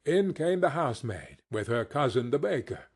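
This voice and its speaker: A man narrating a classic novel as an audiobook, reading in an expressive, unhurried way. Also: medium pitch, slightly rough. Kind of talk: scripted narration.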